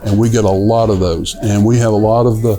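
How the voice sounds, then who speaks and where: A middle-aged man, a restaurant owner telling stories in a relaxed, rambling way with lots of fillers, inside a dim restaurant. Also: lowish voice, fairly quick, faint music behind. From Newport, Tennessee. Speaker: restaurant owner, son of the founder. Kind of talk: casual storytelling interview.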